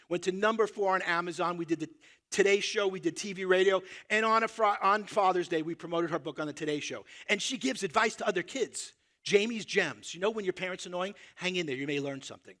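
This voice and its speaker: A middle-aged man with a New York accent works a live audience as a motivational speaker. His voice sits high and bright, with a sharp, forceful edge. He drops to hushed asides and then comes back loud for the punchlines. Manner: animated, big swings between loud punchlines and hushed asides; quotes people in his own voice, addresses the crowd directly. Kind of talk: live keynote storytelling to an audience. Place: stage before a live audience.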